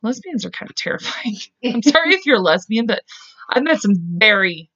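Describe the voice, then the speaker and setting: A woman's voice: on the high side, very animated, normal speed, fairly bright tone, no room sound, highs cut off. A woman hosting a podcast, telling a true story in a casual, chatty way, with frequent swearing and laughing asides. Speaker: podcast host.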